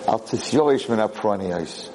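A man lecturing and telling a parable in an animated way, mixing in Yiddish words. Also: lowish voice, normal speed, a little hiss or hum, rough recording. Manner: animated storyteller, Yiddish-sprinkled. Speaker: Jewish lecturer.

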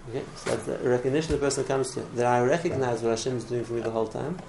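A man's voice: mid-range voice, rapid-fire, creaky, darkish tone, a little hiss or hum, rough recording. A man teaching a religious class in an earnest way, often repeating words and restarting his phrases. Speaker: Torah teacher.

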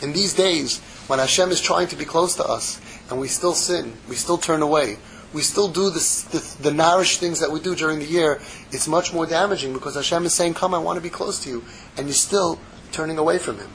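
A man giving a casual, animated Torah class, acting out little dialogues and dropping in Hebrew phrases. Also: on the high side, brisk, slight background noise, low-quality recording. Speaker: Torah teacher.

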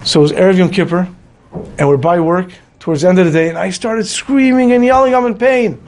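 A man's voice: high-pitched, fast, a little mellow. A man telling a story in a Torah class, acting out the voices of the people in it. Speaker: rabbi.

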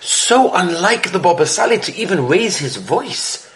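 Man with a high voice, earnest and emphatic sermon storyteller. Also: very animated, a little slow, fairly bright tone. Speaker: rabbi giving a weekly Torah talk.

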